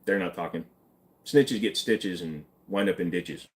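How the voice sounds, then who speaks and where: A man's voice: low voice, measured pace. A man hosting a live stream, casually reading and answering chat questions in an offhand, joking way.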